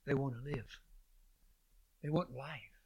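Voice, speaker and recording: A man preaching a sermon, swinging from loud calls to hushed lines and repeating phrases for emphasis. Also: medium pitch, slow pace, gravelly, breathy edge.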